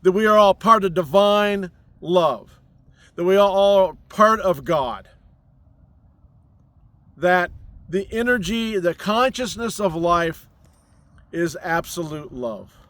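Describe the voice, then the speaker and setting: A man giving an inspirational spiritual message outdoors on a mountain, speaking in slow, soothing, repeated affirmations. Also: high voice, lively intonation, fairly bright tone, no echo. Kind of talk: inspirational sermon. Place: outdoors on a mountain overlooking a city.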